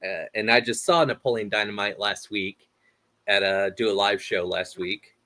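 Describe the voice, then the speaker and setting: A man hosting a casual interview, animated and jokey. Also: on the low side, moderate pace, no room sound. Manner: animated, jokey, laughs often. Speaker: host.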